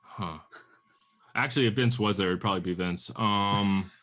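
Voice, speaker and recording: A man's voice: lowish voice, moderate pace, fairly bright tone. A man playing in a tabletop game, chatting casually and joking with the table. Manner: jokey, playful. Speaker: player.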